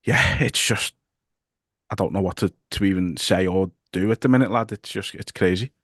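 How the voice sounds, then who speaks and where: A man with a Liverpool accent hosting a podcast, talking haltingly with many restarts. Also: sits low, a bit bright, no room sound, clean studio sound. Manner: halting, stumbling restarts, nervous laughs. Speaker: podcast host. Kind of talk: casual podcast chat.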